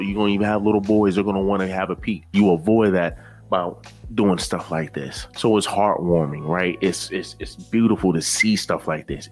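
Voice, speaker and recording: A man with a very low voice talks straight to his viewers in loose reaction commentary. He keeps tagging his phrases with "right" and "man." Faint music sits under his voice. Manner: repeats "right" and "man" constantly, conversational. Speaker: commentary channel host.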